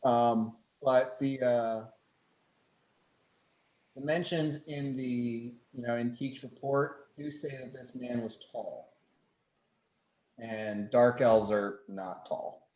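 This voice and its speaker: A man as game master narrating a tabletop scene in an unhurried way, with many fillers. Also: medium pitch, steady tone, darkish tone, echoey room, rough recording.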